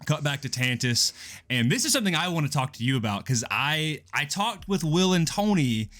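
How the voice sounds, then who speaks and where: A man co-hosting a casual podcast review, rambling quickly with frequent laughs and self-corrections. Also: fairly high pitch, big pitch swings, fairly bright tone. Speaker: podcast co-host. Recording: lo-fi music bed underneath.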